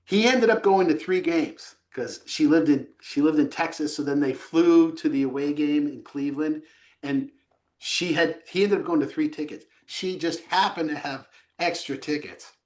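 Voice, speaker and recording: Male co-host, casual trading podcast, animated storyteller. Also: a little high, moderate pace. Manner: animated storyteller, lively asides.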